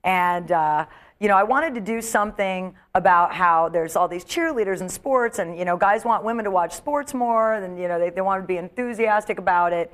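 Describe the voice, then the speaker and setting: A woman's voice: mid-range voice, normal speed. Chatty comedian woman telling stories. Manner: chatty, animated storyteller, acts out quotes. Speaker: comedian guest. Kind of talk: casual talk-show chat.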